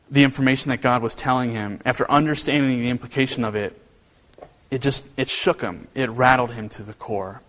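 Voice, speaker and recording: A man preaching a sermon in a church, earnest and animated, often restarting his phrases. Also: mid-range voice, long reverb tail. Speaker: pastor.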